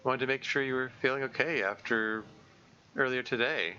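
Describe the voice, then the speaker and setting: A man voicing a caring teenage girl club president in a soft, reassuring way, reading a visual novel aloud. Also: medium pitch, steady tone, normal speed, dull audio, a little hiss or hum, pitched above the performer's own voice, close to an everyday voice.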